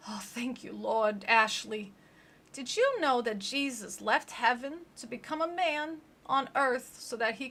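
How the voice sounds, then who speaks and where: A woman's voice: sits high, a bit bright, pitched above the performer's own voice, exaggerated voice. A woman putting on a preachy pious grandmother. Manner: sugary, preachy.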